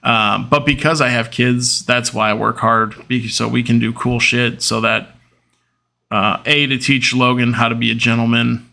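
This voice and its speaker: Male host, 30s, casual monologue with a gravelly edge. Rambling and heartfelt, with plenty of ums and restarts. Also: medium pitch, fairly even intonation, normal speed, bright, forceful tone. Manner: rambling, with many fillers and restarts; open and emotional. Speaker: podcast host.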